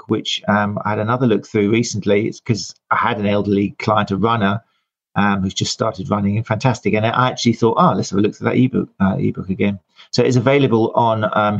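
A man's voice: on the low side, lo-fi sound. A man hosting a podcast, introducing his guest in a chatty, rambling way with many fillers. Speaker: podcast host. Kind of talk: casual live-show introduction and interview.

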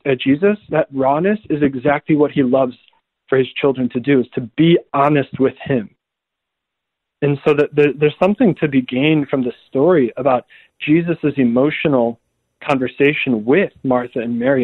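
Priest guest on a phone line, higher voice, lively storyteller who does the voices. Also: male voice, no room sound. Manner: animated storytelling, acts out quoted voices. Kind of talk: conversational radio talk on faith. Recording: tinny phone line, dry.

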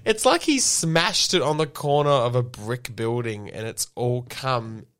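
Joking young podcast host. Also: male voice, mid-range voice, lively intonation, unhurried, a bit bright. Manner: joking banter, laughing often. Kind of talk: casual chat.

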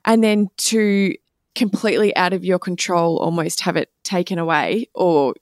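A woman's voice: lowish voice, steady tone, moderate pace, no room sound, clean studio sound. A woman guest speaking in a reflective, easygoing way with many fillers. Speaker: guest nutritionist. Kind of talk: casual conversation.

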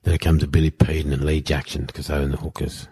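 A middle-aged Australian man telling animated anecdotes in a casual chat, acting out other people's lines and swearing casually. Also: very deep voice, fast, husky. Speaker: guest, former rugby league player. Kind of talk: casual storytelling in a podcast chat.

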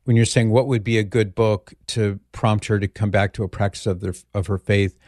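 A man's voice: on the low side, flat delivery, brisk, darkish tone, no room sound, studio quality. A man hosting a call-in radio show, asking probing questions and giving earnest, patient advice. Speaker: radio talk show host.

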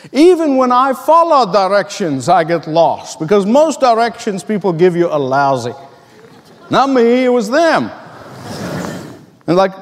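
A man's voice: sits high, long reverb tail. A middle-aged male pastor delivering a sermon, earnest and emphatic, telling stories and asking rhetorical questions.

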